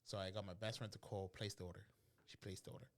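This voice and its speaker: Man, podcast co-host, casual storytelling, animated, acts out the dialogue. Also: sits low, quick pace.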